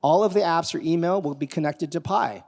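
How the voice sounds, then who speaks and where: Man, conference stage talk, animated, quizzes crowd, echoing big hall. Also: fairly high pitch, a little fast, vocal fry. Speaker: conference speaker. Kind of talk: live keynote talk with demo. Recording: long reverb of a large hall.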